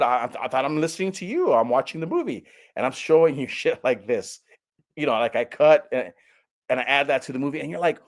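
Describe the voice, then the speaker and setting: A man ranting through a casual movie review, heavy on sarcasm and exaggeration. His voice sits at an ordinary middle pitch, and he keeps stumbling and restarting as he goes.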